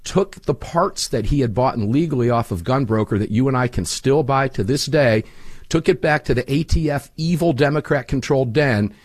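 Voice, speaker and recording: A mid-range male voice at a normal pace comes through clean studio sound with no echo. He hosts his own show but here is a guest on political talk radio, telling stories with emphasis.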